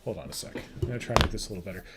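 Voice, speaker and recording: In a noisy home livestream, a Canadian host chats with viewers and mutters to himself while fiddling with his settings. He speaks rapid-fire in a low voice with lively intonation and vocal fry.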